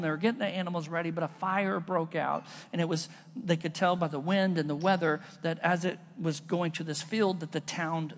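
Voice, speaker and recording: With a voice that is a little high and a bit bright, a male pastor delivers a conversational, casual sermon that mixes in stories. The recording carries a large hall's long reverb.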